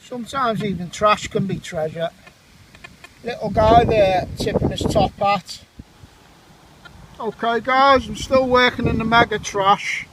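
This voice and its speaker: A man's voice: high voice, a little slow, long pauses. A man hosting a metal detecting vlog, chatting enthusiastically to viewers while outdoors in a windy farm field. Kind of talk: casual vlog commentary.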